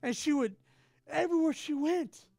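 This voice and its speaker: A middle-aged man preaching a sermon, telling a story in a hushed voice and then rising to loud, emphatic declarations. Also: extremely high pitch, moderate pace, gravelly, faint music behind.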